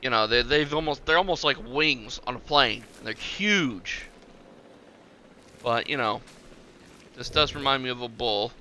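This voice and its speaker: Bright-voiced man chatting over gameplay. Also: medium pitch, a little slow, long pauses, a little hiss or hum. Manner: rambling, chatty, talks to the game. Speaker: game streamer. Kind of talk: casual gameplay commentary.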